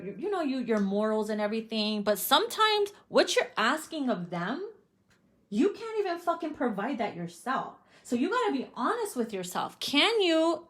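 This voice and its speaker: A woman's voice: a little high, a bit bright. A woman giving a casual tarot reading, swearing freely and laughing often. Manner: profane, bubbly, laughs often. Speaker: tarot reader.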